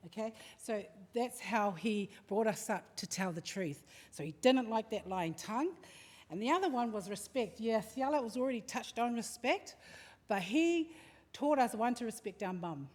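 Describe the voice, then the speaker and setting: A middle-aged woman, telling a lively family story with many fillers at a memorial service. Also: on the high side, moderate pace. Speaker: family member giving a tribute. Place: large hall at a family service. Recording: long hall reverb, faint room ambience.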